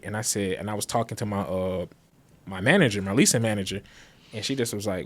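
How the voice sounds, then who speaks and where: A man telling a story in a relaxed podcast conversation, acting out what others said. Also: on the low side, quick pace. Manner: animated retelling with quoted voices. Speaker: podcast guest. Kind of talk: casual storytelling.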